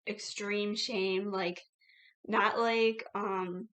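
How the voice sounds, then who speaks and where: A woman speaks slowly and reflectively to her camera in a casual confessional vlog. Her voice sits at an ordinary middle pitch, and she scatters "like" fillers through her talk. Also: steady tone, a bit bright. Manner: reflective, heavy "like" fillers, laughs between thoughts. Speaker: YouTuber.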